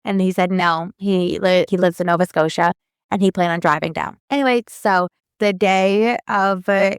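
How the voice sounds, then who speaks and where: A woman in her thirties tells a personal story on a podcast with a smooth, somewhat low voice. She chats loosely, packs in fillers and acts out what each person said. The sound is dry and close. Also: steady tone, normal speed, no room sound. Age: 30s. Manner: chatty, lots of fillers, quotes people in her story. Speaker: podcast co-host. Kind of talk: casual storytelling.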